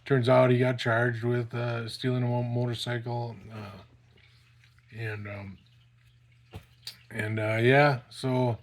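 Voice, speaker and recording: A man's voice: medium pitch, flat delivery, slow pace, pauses often. A middle-aged man casually telling a personal story, rambling and profane, with plenty of fillers.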